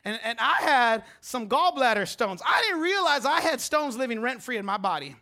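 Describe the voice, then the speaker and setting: A man in his forties preaches with an animated, story-driven delivery, often laughing and acting out the people in his tale. His voice sits high and sounds bright and forceful. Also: moderate pace. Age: 40s. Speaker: pastor. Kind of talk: sermon.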